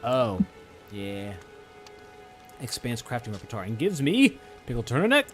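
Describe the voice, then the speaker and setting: A man hosting a let's play, chatting casually about the game he plays, excitable, swearing and restarting his sentences. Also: medium pitch, unhurried, faint music behind. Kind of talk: casual gameplay chat.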